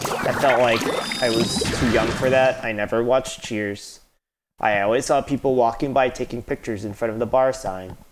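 A woman's voice: extremely low pitch, normal speed, noisy background. A woman streamer chatting casually and swearing freely as she plays a game and reads its text aloud. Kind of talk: casual chat while gaming. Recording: game music and gunfire behind.

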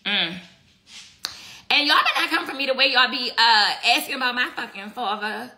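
A woman's voice: a little high, normal speed, sharp tone. A woman giving a casual live tarot reading, blunt and profane, chatting with her viewers between cards. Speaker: tarot reader.

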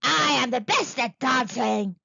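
A woman voicing a huge, hairy, boastful male monster in a children's storybook, singing his threats in a slow, menacing chant. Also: on the high side, expressive, vocal fry, pushed and bright, no echo, dull audio, full character voice. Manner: sing-song menacing boasting, drawn out. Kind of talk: children's storybook read-aloud.

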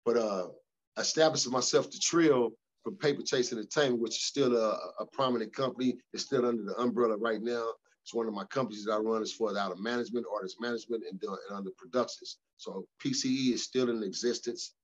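Middle-aged man, blunt and profane storyteller, mid-pitched, slightly muffled audio. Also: fast talker. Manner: profane, emphatic, animated storytelling. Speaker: guest. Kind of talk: casual storytelling interview.

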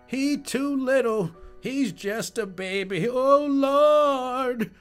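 A man's voice: sits high, measured pace, soft background music, pitched above the performer's own voice. A man voicing a worried, churchgoing old grandmother who frets and pleads over her grandson. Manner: fretful, pleading, prayerful.

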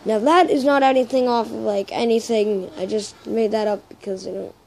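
Rambling young woman with gravelly voice. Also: on the high side, fairly even intonation, normal speed, mellow, slight background noise, rough recording. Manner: rambling, self-deprecating, swears casually. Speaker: YouTuber. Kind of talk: casual vlog chat.

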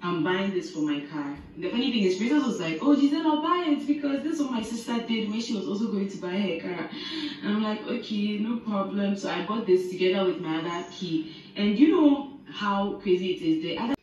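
A woman's voice: medium pitch, lively intonation, brisk, a little mellow. Distant woman in an echoey room. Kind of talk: casual vlog chat. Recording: distant, dull and echoey with faint noise.

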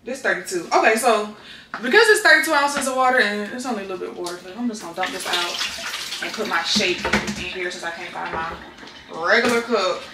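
A young woman vlogs from home in a roomy indoor space, chatting candidly and speaking directly to her viewers. Her mid-range voice has lively intonation and a fairly quick pace, with background noise behind it. The room is echoey and the mic sits at a distance.

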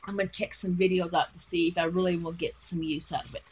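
A woman's voice: on the low side, fairly even intonation, quick pace, breathy edge, poor audio. A woman vlogging from her bedroom as she unboxes a craft parcel, gushing with gasps and exclamations. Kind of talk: casual unboxing vlog. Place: at home in a bedroom.

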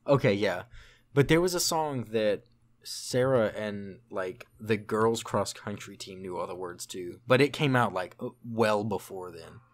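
A man's voice: on the low side, animated, unhurried. A young man co-hosting a casual music podcast, rambling and searching for names with lots of fillers. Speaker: podcast co-host.

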